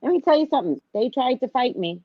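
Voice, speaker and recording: A woman's voice: high-pitched, fast, no room sound. A woman who teaches special education, telling a story in casual chat and acting out other people's lines as she goes. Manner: animated, acts out quoted voices, repeats phrases for emphasis. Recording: dull lo-fi dry sound.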